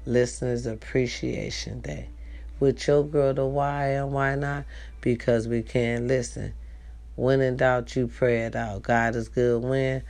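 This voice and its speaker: A woman's voice: extremely low pitch, creaky, a little mellow. A woman hosting a podcast, chatting casually and playfully to her listeners in a rambling, teasing way. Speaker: podcast host.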